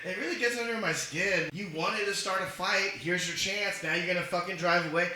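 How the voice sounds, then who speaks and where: Animated, bright-voiced man telling stories. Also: high voice, fairly quick, roomy sound. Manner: animated, swearing, laughing while telling stories. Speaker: podcast co-host. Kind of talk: casual comedic storytelling.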